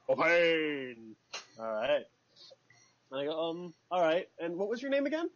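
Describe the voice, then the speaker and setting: A man's voice: fairly high pitch, very animated, moderate pace, slight background noise. A man playing a tabletop role-playing game, talking casually in a rambling, hesitant, jokey way. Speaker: player. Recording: lo-fi dull recording.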